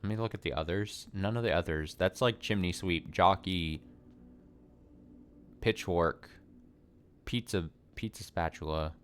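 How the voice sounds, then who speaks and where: A man with a low voice gives casual commentary while playing a puzzle game. He thinks out loud, swears freely and pokes fun at himself. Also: unhurried, long pauses, a little hiss or hum. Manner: thinks aloud, swears casually, self-mocking. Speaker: let's play streamer.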